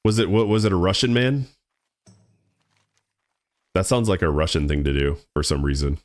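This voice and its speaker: A man's voice: low voice, steady tone, normal speed, no echo. A young man streaming a game, chatting casually with his viewers in a laid-back, rambling way that stumbles and repeats words. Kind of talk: casual live-stream chat while gaming.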